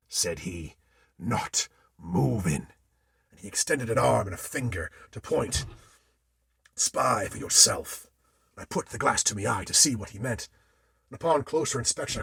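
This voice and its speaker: A man spins a ghost tale in the manner of an old sailor at sea. His voice is gravelly and very husky, and it swoops widely in pitch. The dry, close sound keeps the theatrical telling intimate. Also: fairly bright tone. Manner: old-time sailor's speech, theatrical delivery. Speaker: storyteller. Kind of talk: dramatic ghost story narration in character as an old sailor.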